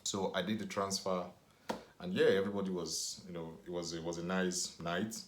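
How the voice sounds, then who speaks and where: A Nigerian man vlogging to camera, his voice low and deep. He tells his story in a loose, rambling way, full of "you know", and the room gives back a clear echo. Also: little pitch movement, moderate pace, slight background noise.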